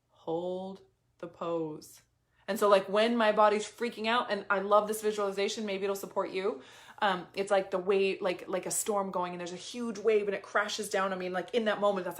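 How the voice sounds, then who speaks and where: Woman, 30s, motivational coach, blunt and fiery, repeats commands for emphasis. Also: mid-range voice. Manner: intense, swearing, repeats urgent commands; reads viewer comments aloud. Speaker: business coach. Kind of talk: motivational talk to a group.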